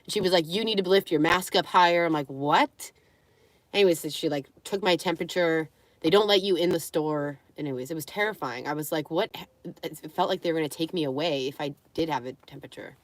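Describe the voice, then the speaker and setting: A woman's voice: deep voice, fast, no echo. A young woman chatting casually on a live stream, with a runny nose, who slips into cooing baby talk with her dogs.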